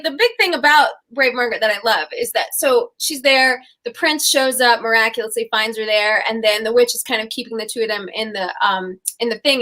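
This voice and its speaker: A young woman with a somewhat high, slightly bright voice co-hosts a casual chat show. She retells fairy tales in a chatty, meandering way, giggling as she goes.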